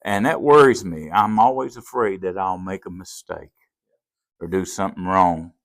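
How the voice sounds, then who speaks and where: Gravelly older Southern preacher. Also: male voice, deep voice, moderate pace. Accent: Southern US Appalachian. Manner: folksy, drawling storyteller who acts out quoted voices. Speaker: pastor. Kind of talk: storytelling in a podcast interview.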